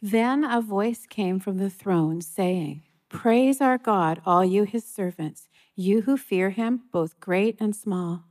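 A woman reading a scripture passage aloud in a church service, measured and solemn, slowing on key lines. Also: mid-range voice, darkish tone. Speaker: scripture reader.

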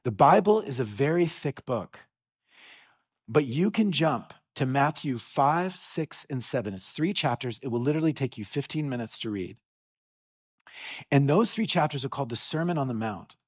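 A middle-aged man preaching a sermon in a church, telling a story with animated energy and frequent restarts. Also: medium pitch, moderate pace, husky. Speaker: pastor.

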